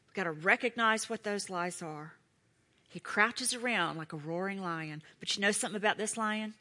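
A middle-aged woman preaching a sermon, emphatic and animated, with playful asides to her listeners. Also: medium pitch, moderate pace.

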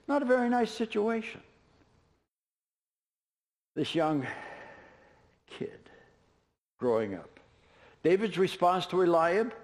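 Conversational pastor, man, slightly high voice. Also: big pitch swings, unhurried, gravelly, pauses often. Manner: conversational storytelling with casual asides. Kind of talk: sermon.

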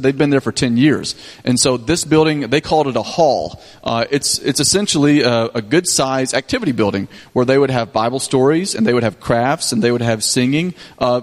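Pastor telling mission stories. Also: male voice, medium pitch. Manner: casual storytelling with frequent restarts and fillers. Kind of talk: mission trip report to a congregation. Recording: long hall reverb.

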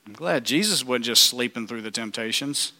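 A pastor preaching a lively sermon, asking the congregation rhetorical questions and reading scripture aloud. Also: male voice, mid-range voice, normal speed. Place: church.

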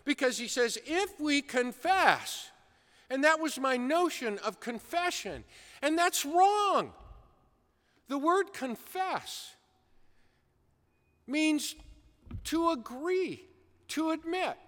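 A man preaching a sermon, telling an animated story with acted-out shouts. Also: very high-pitched, slow, pauses often. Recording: long hall reverb.

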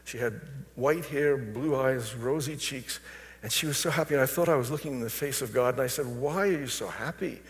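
A man's voice: mid-range voice, a little fast. Older male pastor in a reverberant hall. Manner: storytelling, personal anecdotes. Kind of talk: sermon. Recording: long reverb of a large hall.

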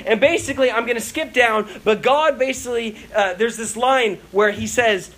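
A young man preaching a lively sermon as a youth pastor, acting out prayers and voices with laughter. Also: extremely high pitch, normal speed, hardly any pauses, low-quality recording.

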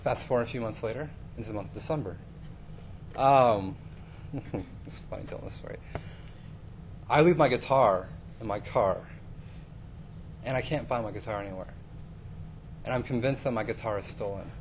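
A man's voice: mid-range voice, normal speed, pauses often, a little hiss or hum. A man preaching in a casual storytelling way, chatty and self-deprecating with many fillers.

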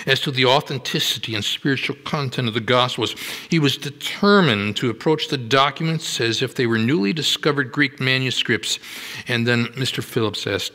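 A man preaching a sermon in a church, slow and deliberate, giving dramatic readings of scripture. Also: mid-range voice, bright, forceful tone. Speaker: pastor. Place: church sanctuary. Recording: long hall reverb.

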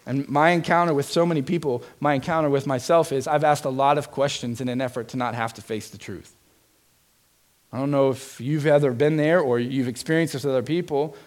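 A man's voice: mid-range voice, fairly even intonation, a little fast. A man preaching a sermon as pastor, earnest and emphatic, putting direct questions to his congregation.

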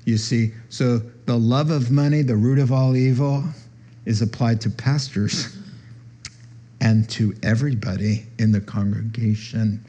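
In a steady, warm tone and at a slightly slow pace, a pastor teaches a sermon conversationally. He voices the people he quotes, his pitch climbing as he does.

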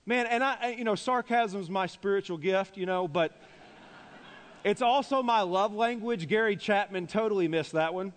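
A male pastor preaching a sermon, moving between quiet reflective stretches and raised, emphatic passages, with dry humorous asides. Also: high voice, moderate pace. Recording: long reverb of a large church hall.

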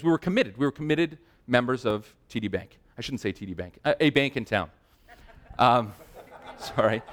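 Man, 30s, preacher; chatty, self-deprecating storyteller whose sermon builds in intensity, mid-pitched voice. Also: a bit bright. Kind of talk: sermon with personal anecdote.

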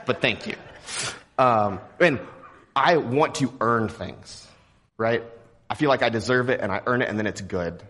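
A young man from Texas preaching a sermon in a relaxed, joking, conversational way. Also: mid-range voice, unhurried, pauses often. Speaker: pastor.

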